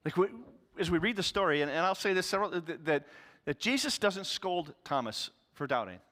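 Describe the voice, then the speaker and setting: A man's voice: fairly high pitch, expressive, brisk, pushed and bright, long reverb tail. A male pastor giving a sermon in an earnest, conversational way.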